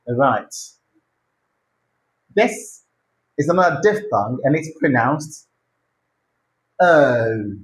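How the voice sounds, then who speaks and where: A pronunciation teacher leading a lesson, modelling words slowly and repeating them for the learner to copy, with short encouraging prompts. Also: medium pitch, poor audio. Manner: slow, drawn-out model words repeated for practice.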